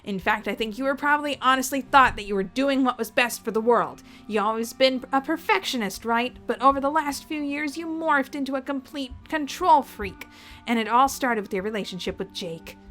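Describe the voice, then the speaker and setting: A woman reading as a stubborn young man, earnest and accusing. His voice sits fairly high, with soft music under it. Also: normal speed. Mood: blunt.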